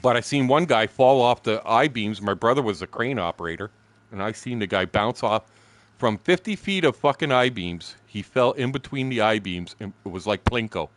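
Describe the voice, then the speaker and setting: A man in his sixties telling profane stories casually while streaming a fishing game, acting out shouted quotes. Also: on the low side, lively intonation, normal speed, no room sound. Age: 60s. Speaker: gaming streamer. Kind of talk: casual storytelling while gaming.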